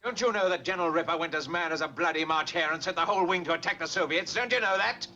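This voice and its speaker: An actor playing a polite, clipped RAF officer in old film audio. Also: male voice, on the high side, fast talker, pushed and bright, a little hiss or hum. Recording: dull film soundtrack audio.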